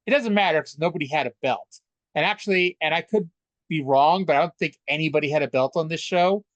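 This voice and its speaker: A man's voice: a little high, a little fast, dry recording, lo-fi sound. A man co-hosting a casual wrestling podcast, chatty and stammering through restarts, swearing freely. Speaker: podcast co-host. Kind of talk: casual wrestling recap chat.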